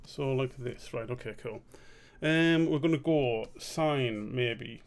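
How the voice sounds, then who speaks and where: Man, cartoonist on live stream, casual muttering commentary, swears a lot, medium pitch. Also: takes it slowly. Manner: rambling and muttering to himself, swearing freely. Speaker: cartoonist streaming a drawing session.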